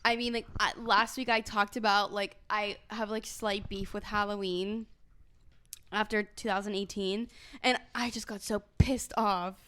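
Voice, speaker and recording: A woman's voice: medium pitch, fairly even intonation, unhurried, bright, forceful tone, clear, resonant tone. A young woman in her twenties co-hosting a podcast, giggly and teasing in casual chat. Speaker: podcast co-host.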